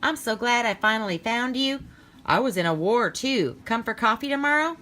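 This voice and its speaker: A woman's voice: a little high, lively intonation, normal speed, bright, forceful tone, voice pushed up. A woman voicing a flustered, relieved woman cat owner, talking in a breathless, fluttery way.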